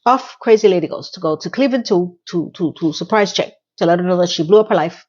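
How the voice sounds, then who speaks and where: A woman's voice: on the low side, fast, a little mellow, highs cut off. A woman giving a casual recap of a TV episode, with blunt, exasperated commentary and words she repeats for emphasis. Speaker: TV recap reviewer.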